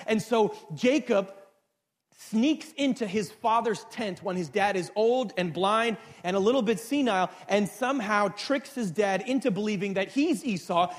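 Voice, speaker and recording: A man preaching a sermon, retelling a story in a casual, joking way and talking straight to the congregation. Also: high voice. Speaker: pastor.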